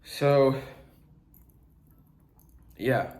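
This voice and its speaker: A young man coaching beginners in a blunt, animated, slangy way, acting out sales calls as he teaches. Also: medium pitch, drawn-out words. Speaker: real estate wholesaling coach. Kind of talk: casual teaching talk to camera. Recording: echoey room.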